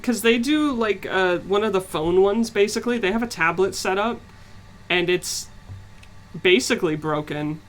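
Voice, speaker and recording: A woman's voice: medium pitch, moderate pace, poor audio. A woman streaming a game with friends, chatty and playful, often laughing, on a headset mic. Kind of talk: casual gaming chat.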